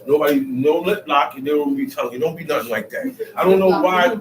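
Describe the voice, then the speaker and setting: A man with a slightly high voice speaks briskly while teaching a Bible study class, explaining scripture in everyday colloquial terms and checking in with "okay?" The mic sits far off in an echoey room.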